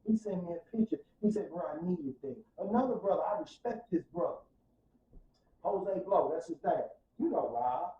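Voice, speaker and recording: A man with a St. testifies with the fervor of a preacher, dropping to a hush and then rising loud. His voice is mellow and dark, heard from some distance in a roomy space. The sound is dull and a little lo-fi. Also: high voice, animated, moderate pace, slight background noise. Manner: fervent, preacher-like, swings from soft to loud. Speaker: podcast guest. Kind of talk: emotional testimony in casual podcast talk. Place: podcast studio room.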